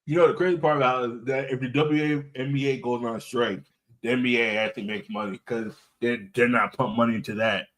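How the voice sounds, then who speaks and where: A man's voice: mid-range voice, fairly even intonation, fairly quick, a bit bright. A man hosting a podcast in loose, rambling casual chat, often swearing. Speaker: podcast host.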